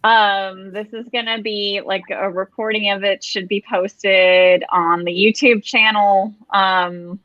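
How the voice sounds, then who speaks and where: A woman's voice: medium pitch, level tone, takes it slowly, few pauses, fairly bright tone, no room sound, lo-fi sound. A woman hosting a story reading series, chatting casually and joking at her own expense on a video call. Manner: self-deprecating, joking.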